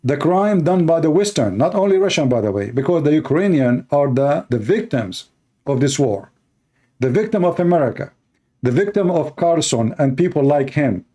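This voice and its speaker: A man with a somewhat high voice delivers a fiery, argumentative commentary, trading in insults and raising his voice as he picks a point apart. His English is broken and non-standard, and his tone stays combative throughout. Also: warm tone. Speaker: commentator reacting to a news clip. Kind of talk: heated reaction commentary.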